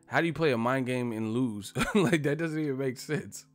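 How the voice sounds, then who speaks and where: A man's voice: mid-range voice, normal speed, faint music behind. A man hosting a casual live stream, rambling and swearing freely and laughing often.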